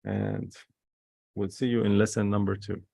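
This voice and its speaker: A man's voice: fairly low pitch, flat delivery, normal speed, creaky, dark tone, dry recording, studio quality. A man teaching an online Hebrew reading lesson, patiently sounding words out syllable by syllable and repeating key points.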